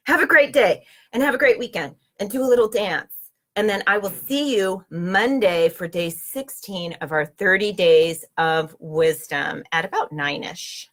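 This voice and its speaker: A woman's voice: mid-range voice, a little slow. A woman hosting a spiritual motivational talk, speaking earnestly and straight to her listeners, repeating affirmations. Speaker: inspirational host.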